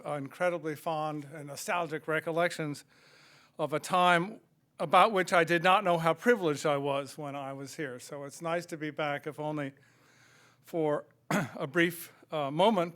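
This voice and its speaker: A man's voice: on the high side, a bit bright. Older American man giving a reflective lecture. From United States. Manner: reflective and conversational, with frequent fillers. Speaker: guest lecturer. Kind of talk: public lecture. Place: lecture hall.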